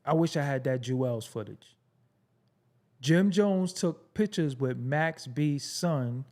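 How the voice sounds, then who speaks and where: A fairly high-voiced man hosting his own show, riffing bluntly in a casual commentary monologue. He drops into low mutters, then jumps up into high, incredulous outbursts. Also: lively intonation, slow, a little mellow. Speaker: show host.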